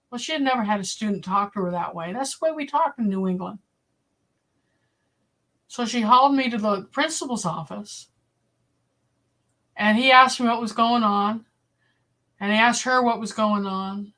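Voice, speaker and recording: A woman's voice: mid-range voice, moderate pace. A woman in her sixties with a Boston accent, casually telling blunt stories to a live chat as host and acting out the voices she quotes. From Boston area. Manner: blunt, animated storyteller, acts out quoted voices. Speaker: livestream host.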